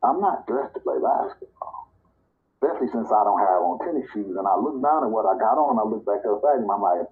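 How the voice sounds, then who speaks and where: A man from Nebraska casually telling a personal story, talking relaxed and slipping into higher voices when he quotes people. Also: fairly quick. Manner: relaxed, conversational, acts out quoted dialogue in a higher voice. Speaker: storyteller in a live audio chat. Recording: tinny phone-line audio.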